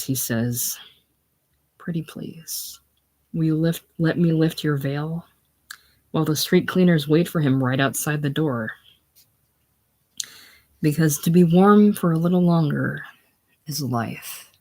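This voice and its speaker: Tough young drifter guy read by a solo reader, dry and slow, middle pitch. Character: young American drifter man, tough and wisecracking. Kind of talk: casual play reading.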